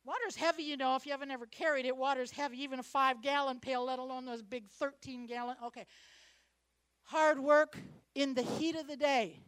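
Lively woman preaching, dry close sound. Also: sits high, normal speed, no echo. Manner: animated, acts out Bible characters, drops to hushed whispers. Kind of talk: sermon.

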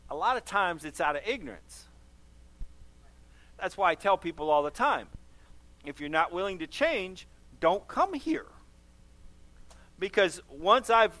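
A man's voice: sits high, sharp tone, dry recording. Pastor guy preaching hard then praying, repeats stuff for emphasis. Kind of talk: sermon and closing prayer.

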